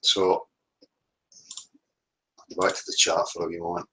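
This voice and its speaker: Scottish man hosting a livestream, a bit low, loose and hesitant. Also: completely flat delivery, measured pace, pushed and bright, slight background noise, low-quality recording. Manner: rambling, hesitant with many ums. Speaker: livestream host. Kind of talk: casual live chat sign-off.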